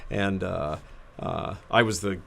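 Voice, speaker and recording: A man's voice: deep voice, slow pace, vocal fry, a bit bright, slight background noise. A man in his fifties telling an anecdote as a guest in a casual chat, laughing often. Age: 50s.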